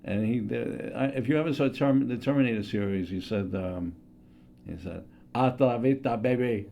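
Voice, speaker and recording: Older guy hosting a studio show, rambly, self-deprecating, gravelly voice. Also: fairly low pitch, normal speed, dark tone, a little hiss or hum. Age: 60s. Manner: chatty, self-deprecating, hesitant with many fillers. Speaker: host. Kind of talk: stand-up impressions routine.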